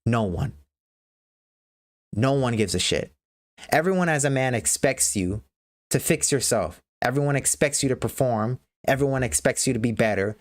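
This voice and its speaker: A woman with a low voice delivers a motivational rant to her livestream audience. She is blunt and profane, with a lively, animated pitch that keeps rising and falling for emphasis. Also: normal speed. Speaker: livestream host.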